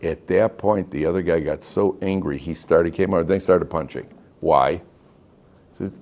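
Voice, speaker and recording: A rabbi teaching an informal Torah class to students in a classroom, animated and joking, often putting questions to his listeners. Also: low-pitched, normal speed.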